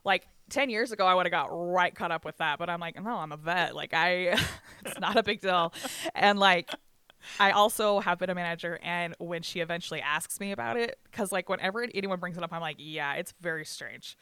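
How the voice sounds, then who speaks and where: The recording is dry, and the voice is mid-range, brisk, bright, forceful, clear and resonant. Drawing on ten years in banquets, this adult recounts a job story casually, cursing openly, performing each person's lines, and laughing often.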